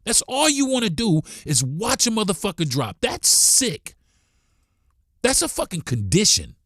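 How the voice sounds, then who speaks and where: A man's voice: high-pitched, huge pitch swings, measured pace, a bit bright, no echo, clean studio sound. Ranting male podcast host. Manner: blunt, profane, ranting. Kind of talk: heated monologue.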